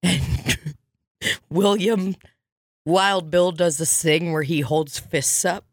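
A woman's voice: on the low side, extremely slow, dry recording, clean studio sound. A woman co-hosting a casual comedy podcast, laughing often, swearing and acting out quotes. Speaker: podcast co-host.

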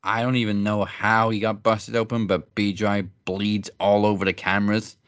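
A low-voiced man in a casual wrestling chat, easygoing and a little hesitant, filling his pauses with "um". The sound is close and dry. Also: flat delivery, no echo. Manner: laid-back, hesitant, lots of "um". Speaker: wrestling podcast co-host.

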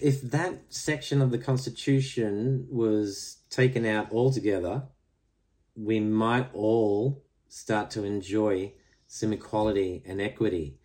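A man's voice: fairly low pitch, darkish tone. An Australian man hosting his own podcast, talking in a direct, plain-spoken and conversational way. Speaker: podcast host. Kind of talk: earnest spoken commentary.

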